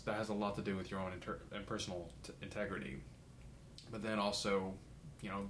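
A man's voice: on the low side, a bit bright, roomy sound, a little hiss or hum. A man in a casual podcast discussion, talking earnestly and reflectively and sometimes restarting words.

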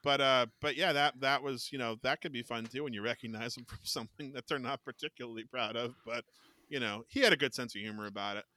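A man co-hosting a casual podcast, telling animated stories and mimicking other people's voices, with casual swearing. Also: medium pitch, fast talker. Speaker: podcast co-host. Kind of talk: casual chat, storytelling.

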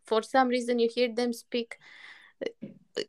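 A woman in casual conversation as a co-host, her voice sitting somewhat high. She agrees readily and hesitates on fillers as she looks for words. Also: completely flat delivery, slow pace. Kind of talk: casual chat.

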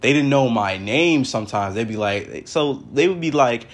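A man's voice: mid-range voice, expressive, moderate pace. A young man hosting a casual solo podcast from his brother's house, rambling with lots of fillers. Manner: rambling, many fillers like "like" and "for real". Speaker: podcast host.

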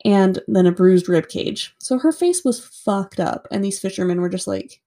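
A woman's voice: mid-range voice, lively intonation, moderate pace, dark tone. A woman casually recounting a true-crime story to a co-host, chatty with lots of "like" and free swearing.

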